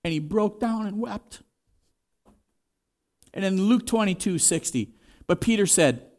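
A man's voice: on the high side, normal speed, darkish tone. A man preaching a sermon in a conversational way, acting out the quoted voices as he goes. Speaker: pastor.

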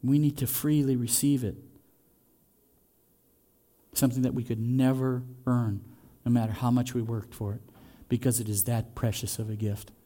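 A man preaching a sermon in a conversational way, asking the congregation questions and swinging between loud and soft. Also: medium pitch, little pitch movement, moderate pace. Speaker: pastor.

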